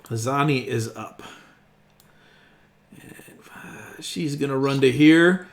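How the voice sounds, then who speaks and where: A man's voice: mid-range voice, slow. A man narrating as game master of a tabletop game, casual and laughing often, thinking aloud as he counts up rolls.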